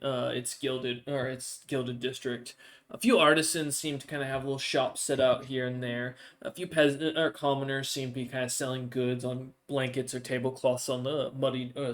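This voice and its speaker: A man's voice: medium pitch, a bit bright. A man narrating a tabletop game as game master, rambling with lots of fillers and self-corrections.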